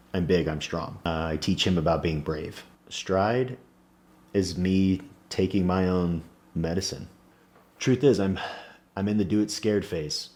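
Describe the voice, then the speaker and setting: Brief: very low-voiced man in his thirties, earnest and reflective vlogger speaking to camera. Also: darkish tone. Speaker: small business owner. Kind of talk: personal vlog monologue.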